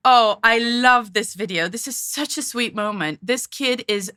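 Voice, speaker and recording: A woman's voice: fairly high pitch, measured pace, sharp tone, clean tone. A woman host giving frank, chatty commentary on parenting video clips. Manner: frank, talkative, mimics parents in quotes.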